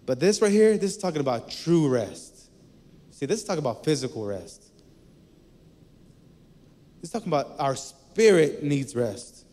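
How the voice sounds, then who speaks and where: A man's voice: on the high side, big pitch swings, moderate pace, long pauses, dark tone. Conversational male preacher in a reverberant hall. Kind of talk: sermon.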